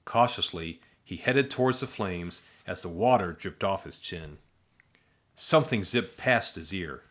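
Male storybook narrator, low and deadpan, comic asides. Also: measured pace.

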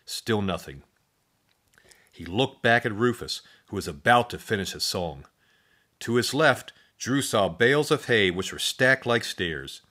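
A man narrating a children's storybook in an expressive, playful read-aloud style with spoken sound effects. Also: fairly low pitch, measured pace.

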